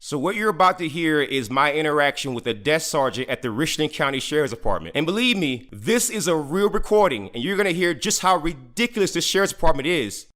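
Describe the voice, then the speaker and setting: Casting: channel host, a man with a fairly high voice, insistent and stammering under pressure. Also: very animated, a little fast, few pauses, a bit bright. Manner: insistent, repeats words when stressed. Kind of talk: commentary and phone argument.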